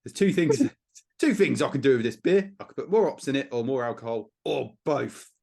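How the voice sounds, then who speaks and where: Man trading lively dry quips. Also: medium pitch, vocal fry. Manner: quick dry quips, jokey. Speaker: podcast co-host. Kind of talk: casual chat.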